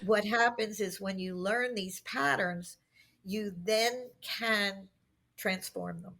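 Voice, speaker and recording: A woman's voice: medium pitch, slow, vocal fry. A middle-aged woman, a guest on a podcast interview, telling workplace anecdotes and acting out the quotes in them. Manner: animated anecdotes with acted-out quotes. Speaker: guest expert on workplace communication.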